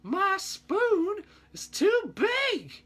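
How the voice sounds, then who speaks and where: Give me a squeaky cartoon character. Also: male voice, huge pitch swings, drawn-out words, fairly bright tone, exaggerated voice. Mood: goofy. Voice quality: very high, squeaky falsetto. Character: squeaky silly cartoon character, goofy and cheerful.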